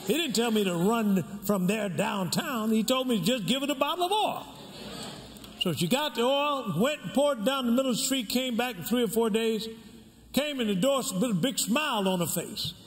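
An older man, a pastor, preaching a sermon with call and response and shouting out to the crowd. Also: lively intonation, normal speed. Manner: swings from shouts to low storytelling asides. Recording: reverberant hall, faint room noise.

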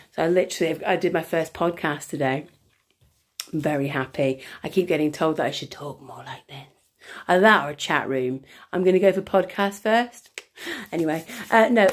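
A woman wellbeing coach talking live to her viewers in a slightly low voice. She moves from slow guided breathing into loose, rambling chat, restarting her sentences and filling gaps with ums. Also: lively intonation. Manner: chatty, rambling, many restarts and fillers. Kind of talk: live session with breathing exercise and viewer questions.

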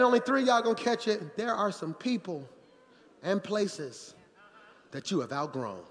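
A pastor preaching a sermon in a church, animated, calling out to the congregation and joking with them. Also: male voice, sits high, normal speed. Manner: animated preaching with crowd call-outs and jokes. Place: church sanctuary. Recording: long church hall reverb.

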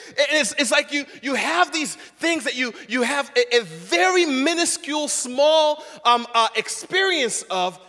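A middle-aged man from Zimbabwe preaching a sermon as pastor, animated, acting out quotes and repeating words. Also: extremely high pitch, unhurried, few pauses, long reverb tail. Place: church sanctuary.

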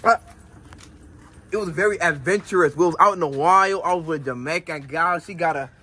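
A man's voice: fairly high pitch, brisk, sharp tone. A man joking around playfully in a casual vlog chat. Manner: playful, laughing.

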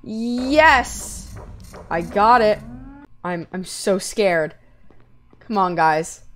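A woman hosting a let's-play video, talking excitedly and yelping when scared, into a close gaming mic. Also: mid-range voice. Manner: excitable, jumps from scared yelps to quick chatter.

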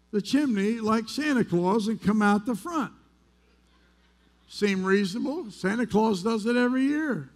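Male pastor from the US, high-pitched, candid, conversational sermon delivery in a church. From United States. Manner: conversational storytelling, candid and self-deprecating. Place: church sanctuary.

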